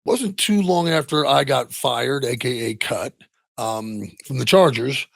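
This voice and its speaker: A middle-aged man, a retired football player, tells his story candidly in an interview, halting often and trailing off into soft asides. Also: medium pitch, creaky, no room sound.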